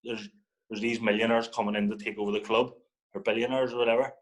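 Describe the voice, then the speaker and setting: Poor audio captures a fast-talking young man with a lowish voice. He's a football guest from Northern Ireland telling a story in casual conversation, swearing and animatedly imitating what other people said.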